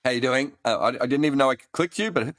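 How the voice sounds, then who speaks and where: A man's voice: medium pitch, fast, fairly bright tone, dry recording, studio quality. A man hosting a live cricket Q&A, rambling through answers with many ums and restarts. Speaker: cricket analyst host answering listener questions. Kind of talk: casual live Q&A chat.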